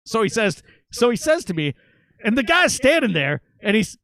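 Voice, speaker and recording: A man's voice: high-pitched, big pitch swings, normal speed, a bit bright, no room sound. A man in his late thirties from Minnesota, telling rambling, profane stories as a podcast guest. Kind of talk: casual storytelling.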